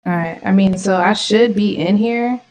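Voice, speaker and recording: A woman's voice: mid-range voice, moderate pace, a little mellow, low-quality recording. A woman vlogging her trades in casual live commentary, slangy and irritated, swearing often. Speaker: trading vlogger.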